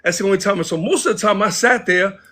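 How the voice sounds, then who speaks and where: High-voiced man telling stories. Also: fast. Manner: animated, acts out quoted voices. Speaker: interview guest. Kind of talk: casual storytelling.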